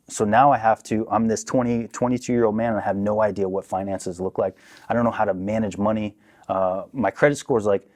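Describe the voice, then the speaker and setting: A young man telling a story on a podcast in a casual, profane, animated way, acting out what people said. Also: on the low side. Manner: profane, animated, acts out quotes. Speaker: podcast guest.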